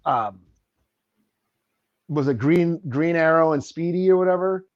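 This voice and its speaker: A man's voice: on the high side, measured pace, dry recording. Man reacting with a dull lo-fi sound. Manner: reacts with short remarks and laughter. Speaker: podcast co-host. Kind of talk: casual podcast chat.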